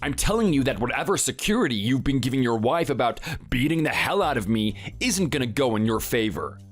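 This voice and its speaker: A boastful muscle-bound bully, voiced by a man in a texting story. He taunts and sneers in a lively, rising and falling voice. Faint music plays under the read. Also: mid-range voice, fairly quick. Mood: taunting. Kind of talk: text-to-speech texting story.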